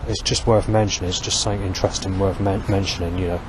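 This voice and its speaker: A man's voice: sits low, steady tone, fast talker. A middle-aged man talking in a meandering monologue, restarting and swearing often. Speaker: vlogger. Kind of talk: rambling monologue. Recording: outdoor street and traffic noise.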